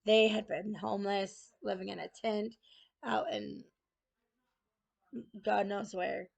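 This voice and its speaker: A woman's voice: medium pitch, flat delivery, slow pace, gravelly. A young woman telling a personal story in a chatty, casual way, often saying "I'm like". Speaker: student.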